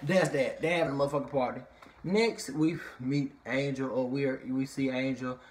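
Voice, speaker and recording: A chatty, foul-mouthed reviewer runs through a reality-TV episode in a loose, animated way. The speech is packed with swearing and fillers, and the pitch sits in the middle. Every so often the voice shoots up into squealing impressions of the people on the show. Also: normal speed. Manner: animated, swears constantly, fillers like "you know what I mean"; jumps into high squealing impressions of others. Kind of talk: casual profane recap vlog.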